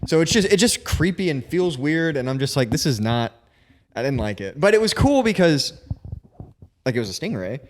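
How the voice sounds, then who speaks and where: A man's voice: fairly high pitch, very animated. A young man co-hosting a podcast, asking curious questions and telling casual stories. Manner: curious questioning, quick to laugh. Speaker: podcast co-host. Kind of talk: casual chat.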